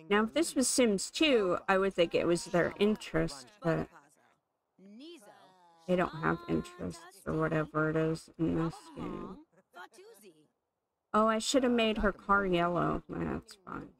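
A woman's voice: lowish voice, vocal fry, low-quality recording. A woman giving casual, amused commentary as she plays a life-sim game, thinking aloud. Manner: chatty, amused, thinking aloud while playing. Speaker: gaming channel host.

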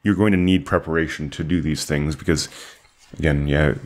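A man's voice: very deep voice, steady tone, moderate pace. A man co-hosting a podcast, chatting in an earnest, agreeable way. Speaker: podcast co-host. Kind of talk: casual discussion.

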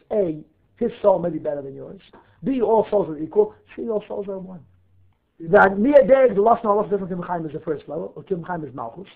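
A rabbi teaching a class, lively, weaving Hebrew terms into his English and asking himself questions to answer them. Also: high voice. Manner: animated, asks and answers his own questions. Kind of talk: Torah class lecture. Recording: narrow phone-like audio.

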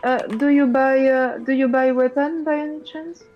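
A woman playing a tabletop game. She asks hesitant, trailing questions, and her higher voice comes through a muffled, lo-fi mic. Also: fairly even intonation, normal speed, soft background music. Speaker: player. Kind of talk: casual tabletop roleplay.

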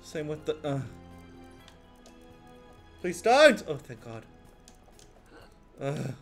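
A man giving rambling, swearing, excitable commentary while playing a video game. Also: medium pitch, slow, soft background music. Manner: rambling, excitable, swears often, laughs a lot. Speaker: gaming video host. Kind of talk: let's play commentary.

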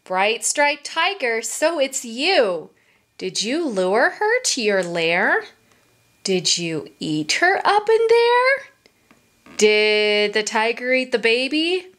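A woman's voice: a little high, very animated, slow, fairly bright tone. A woman reading a picture book aloud to young children at story time. She speaks in a sing-song way, asks the children questions and drops into whispers for asides.

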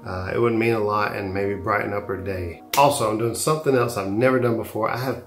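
Man, craft tutorial host, chatty, excitable, faint music behind. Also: fairly low pitch, a little fast. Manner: enthusiastic, gushing, exclaims while working. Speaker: airbrush artist and channel host.

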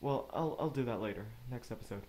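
A man giving casual let's play commentary, rambling and talking to himself with quick asides. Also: mid-range voice, darkish tone. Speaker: gamer narrating gameplay.

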